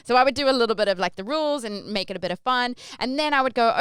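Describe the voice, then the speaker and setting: Woman, Australian accent, casual storytelling, very smooth clear voice, dry close sound. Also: on the high side, very fast, no echo. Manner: chatty, rambling, lively when acting out her stage intros. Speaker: podcast host.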